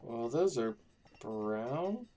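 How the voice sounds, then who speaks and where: A man's voice: medium pitch, big pitch swings, drawn-out words, mellow. A man casually commenting on his own gameplay, rambling and thinking aloud as he builds a town. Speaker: gaming YouTuber.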